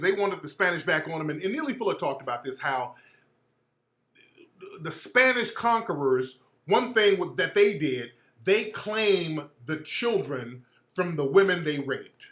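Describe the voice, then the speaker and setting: Guy hosting a talk radio show, high voice, keeps restarting his lines, kinda echoey room. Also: animated, a little slow, a bit bright. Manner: blunt and profane, repeats and restarts phrases; acts out quoted people in mocking voices. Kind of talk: opinionated talk radio monologue.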